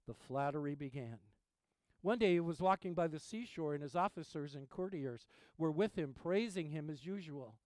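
A male pastor preaching a sermon in an earnest, emphatic way, trailing off quietly at the ends of phrases. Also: on the high side, smooth, no echo.

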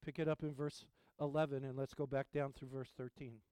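A male pastor preaching a sermon in an earnest, emphatic way, trailing off quietly at the ends of phrases. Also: medium pitch, little pitch movement, brisk, few pauses, clean tone, dry recording.

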